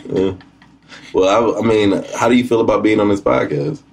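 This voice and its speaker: A man's voice: on the low side, steady tone, moderate pace, creaky, darkish tone. A young adult man hosting a casual podcast, blunt and playful, laughing often. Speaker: podcast host. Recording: faint background noise.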